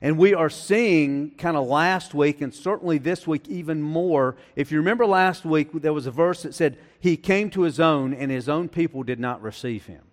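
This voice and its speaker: A man's voice: a little high, moderate pace, few pauses, long reverb tail. A man preaching a sermon as pastor, talking in a conversational way with frequent restarts and fillers.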